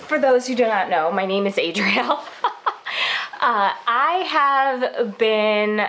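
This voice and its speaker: A woman in her forties, from the United States, hosting a casual chatty vlog in an upbeat, measured way with sudden lifts in pitch on key words. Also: fairly bright tone. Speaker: vlogger and host.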